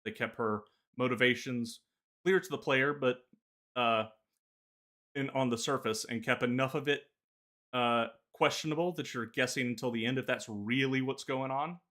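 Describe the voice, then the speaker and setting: A man in casual podcast chat who talks in stops and starts, filling gaps with pauses as he gathers his thoughts. His pitch sits in an ordinary middle range. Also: fairly even intonation, bright, forceful tone. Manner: halting, many filler pauses. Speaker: podcast co-host.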